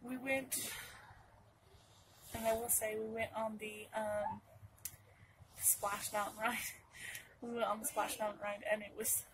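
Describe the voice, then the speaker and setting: A woman's voice: fairly high pitch, flat delivery, moderate pace, fairly bright tone, slight background noise, rough recording. A young woman from Northern California telling a personal story to camera in a rambling way, full of restarts and asides. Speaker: vlogger.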